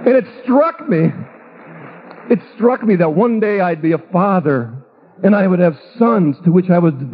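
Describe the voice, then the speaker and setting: A middle-aged male pastor tells a self-mocking story from his own life in a fairly high, husky voice. The sound is thin and boxy, like a radio broadcast heard down a phone line. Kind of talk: storytelling testimony talk.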